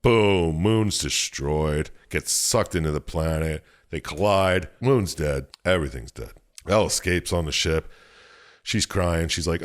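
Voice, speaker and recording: A man with a very deep, low voice, recapping a game's story for his co-hosts. He tells it with plenty of swearing and jokes, in loose, casual chat. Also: measured pace. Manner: profane, joking storyteller. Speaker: podcast co-host.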